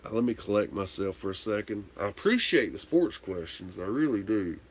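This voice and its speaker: A man's voice: lowish voice, sing-song, a little fast, husky. A man hosting a casual livestream, tipsy from drinking, telling a rambling, candid story and swearing casually. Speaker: livestream host answering viewer comments.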